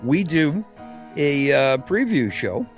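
A man's voice: a little high, sing-song, slow, lo-fi sound, faint music behind. A man co-hosting a casual podcast chat, hesitant and wry, chuckling at his own jokes. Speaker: podcast co-host.

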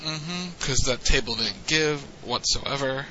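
Slow-talking man with a sharp, bright voice. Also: medium pitch. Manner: unhurried storyteller, frequent "mm-hmm". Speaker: podcast co-host. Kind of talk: casual wrestling recap chat. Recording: dull lo-fi audio with faint noise.

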